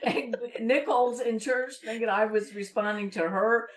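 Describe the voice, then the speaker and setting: An older woman, a mother and grandmother, chatting casually and softly with her daughters and laughing at herself. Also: fairly high pitch, steady tone. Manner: slow, soft-spoken, laughs at herself. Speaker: mother and co-host. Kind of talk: casual chat.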